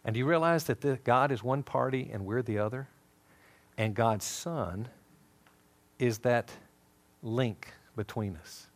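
A man teaches a Bible lesson in sermon style, telling stories with animation and acting out the dialogue. His medium-pitched voice is unhurried, and he pauses often.

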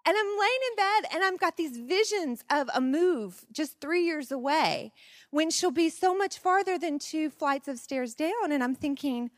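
A woman in her forties telling personal stories at a parenting seminar, expressive and laughing often. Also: high-pitched, unhurried, dry recording, studio quality. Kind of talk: personal storytelling talk.

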